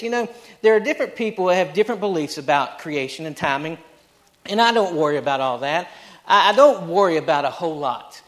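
High-voiced man preaching emphatically. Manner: emphatic, repetitive preaching with rhetorical questions. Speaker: pastor. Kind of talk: sermon.

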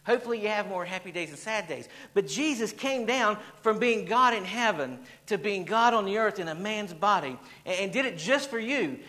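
A man's voice: sits high, a bit bright, poor audio. A man preaching a sermon in a church, repeating phrases and firing questions at the congregation, with a storytelling manner. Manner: storytelling, reading an anecdote aloud. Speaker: pastor.

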